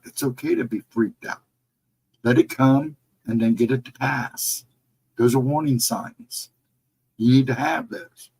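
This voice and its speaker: A middle-aged man talks to viewers on a casual livestream, reading the chat as it scrolls by and answering each one. His tone is relaxed and reassuring. His voice sits at an ordinary pitch with a husky edge. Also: rough recording. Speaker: livestream host.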